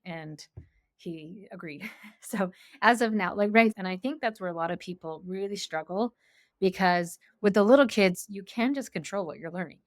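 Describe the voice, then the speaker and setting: Give me a chatty woman guest who talks in a lively, animated way, recorded dry and close. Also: medium pitch, moderate pace, no room sound. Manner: chatty, animated, many fillers. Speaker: guest, homeschool coach. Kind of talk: casual interview chat.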